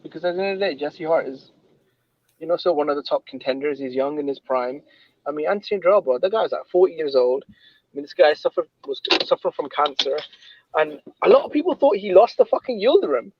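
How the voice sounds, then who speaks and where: Fast-talking man, dull dry audio. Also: fairly high pitch, lively intonation. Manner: rapid, casual slang. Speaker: interviewer. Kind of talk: casual chat.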